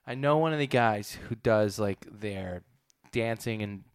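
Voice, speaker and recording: A man's voice: lowish voice, unhurried, smooth, dry recording, studio quality. A young man co-hosting a casual sports chat, loose and profane, rambling with restarts. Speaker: podcast co-host.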